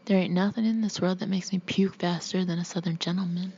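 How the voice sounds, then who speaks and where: A woman's voice: fairly low pitch, steady tone, brisk, mellow, slight background noise, lightly acted. A woman voicing a blustering, mocking Marine fighter pilot father in a whispered audiobook reading, on a dull, muffled recording. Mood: gruff.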